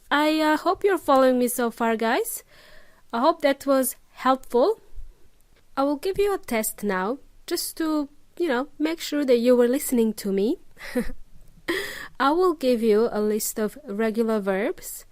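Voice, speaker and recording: A woman's voice: fairly high pitch, darkish tone, no room sound. A woman hosting a podcast English lesson, explaining pronunciation patiently and checking in with her listeners often. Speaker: English teacher, podcast host. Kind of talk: casual spoken lesson.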